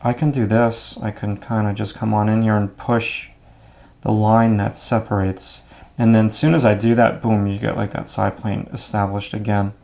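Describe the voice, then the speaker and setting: A man explaining his drawing steps out loud as he works, in a relaxed, thinking-aloud way. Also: lowish voice, moderate pace, vocal fry. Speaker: art instructor. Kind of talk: drawing demonstration.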